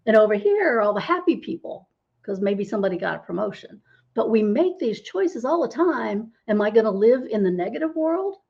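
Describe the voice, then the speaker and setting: A woman's voice: a little high, big pitch swings, a little fast, gravelly, lo-fi sound. A middle-aged woman, a holistic healer, explaining as a podcast interview guest and often asking "right?" to check in. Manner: explanatory, tags lines with "right?".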